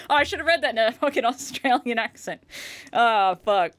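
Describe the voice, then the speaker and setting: A woman hosting a casual reaction video, gushing excitedly and swearing freely. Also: high voice, normal speed, creaky, no room sound.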